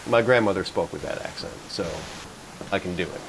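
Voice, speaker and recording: A man hosting a podcast, telling stories in a relaxed, joking way and poking fun at himself. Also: low voice, brisk, vocal fry, noisy background. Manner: chatty storyteller, jokes about himself. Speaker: podcast host. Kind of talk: casual chat.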